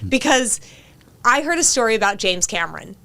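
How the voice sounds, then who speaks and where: A woman's voice: a little high, sing-song, moderate pace, sharp tone. A woman hosting a podcast, gushing enthusiastically as she asks her guest questions. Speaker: podcast host. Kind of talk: casual interview.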